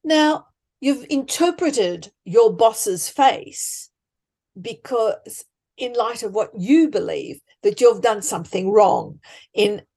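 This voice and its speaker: A woman explains her ideas in an unhurried, deliberate way. Her voice sits a little high, and she leans hard on key words. She is a life coach guest in a podcast conversation. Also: animated, creaky, dark tone. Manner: emphatic, deliberate, acts out example thoughts.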